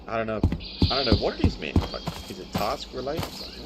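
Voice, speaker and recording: A man's voice: medium pitch, big pitch swings, fairly quick, loud music behind the voice. A young man streaming a game live, swearing and ranting in exasperation about poor loot. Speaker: gaming streamer. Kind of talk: live gameplay commentary. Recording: loud game sounds behind.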